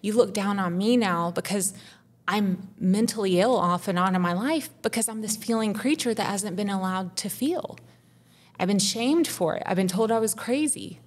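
A woman's voice: medium pitch, moderate pace. A woman in her thirties, a podcast co-host, pouring out a raw, profane personal confession with intense feeling.

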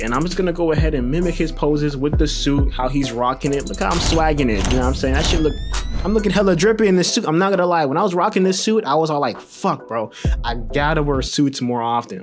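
Slangy, joking young man with a highish voice. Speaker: video editing tutorial host. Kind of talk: casual video tutorial. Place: living room at home.

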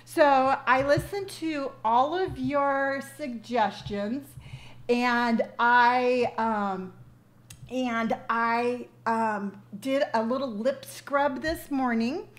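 A woman in her fifties draws out her words in a slightly high voice while effusively hosting a laid-back live stream. She reads comments from viewers, stumbling with ums and restarts, all picked up by her device's own mic rather than an external one.

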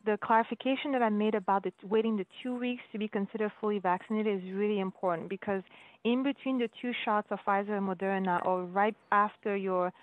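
A woman's voice: medium pitch, steady tone, fast, dry recording. Woman doctor on a tinny call. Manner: reassuring, explanatory, with frequent restarts. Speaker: guest physician. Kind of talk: answering questions at a virtual town hall. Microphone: video call. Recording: dry phone-like audio.

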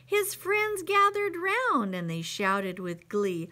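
Teacher reading aloud to kids, slow, lively and expressive, bright high voice. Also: female voice. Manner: expressive, asides to young listeners. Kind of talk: reading a picture book aloud to children.

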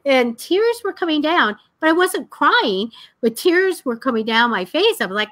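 A woman co-hosting a live psychic show. She chats casually, laughs often and talks in a blunt, lively way. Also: on the high side, normal speed, few pauses, no room sound. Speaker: psychic co-host. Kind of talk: casual live-stream chat.

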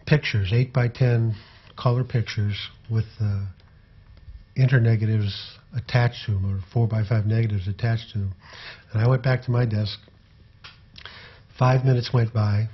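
An older man, a former tour photographer, recalling his memories in an unhurried, rambling way with frequent fillers. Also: medium pitch, husky, highs cut off. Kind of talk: conversational anecdotal storytelling.

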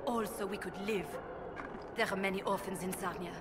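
A woman's voice: mid-range voice, fairly even intonation, normal speed, crowd noise, close to an everyday voice. An actress as a defiant village woman. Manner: defensive, justifying herself.

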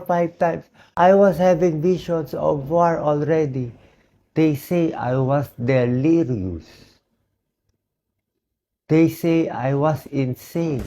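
A hoarse man with a Filipino accent, a doctor speaking in an emotional personal vlog, talking slowly and pleadingly. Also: on the high side, mellow. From Philippines. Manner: slow, pleading, mixes English and Tagalog. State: hoarse, voice dried out.

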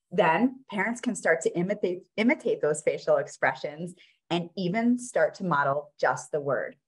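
A woman presenting her children's book, reading it aloud in a playful, sing-song way. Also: fairly low pitch.

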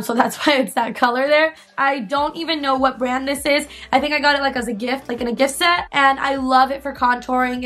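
A high-voiced young woman talks her viewers through her makeup routine in a chatty, playful way, often giggling at herself. Faint music plays quietly under her voice. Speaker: beauty vlogger. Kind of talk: casual makeup tutorial chat.

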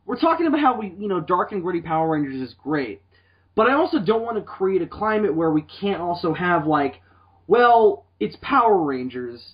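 A husky man co-hosts a podcast in loose, casual chat. His pitch swings up and down as he works through ideas, and he often restarts mid-sentence. The sound is dull and lo-fi. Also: moderate pace. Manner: rambling, animated, frequent restarts. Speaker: podcast co-host.

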